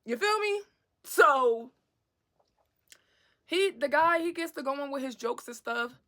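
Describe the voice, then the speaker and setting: A young woman telling a casual storytime, animated and swearing freely, laughing as she goes. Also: sits high, takes it slowly.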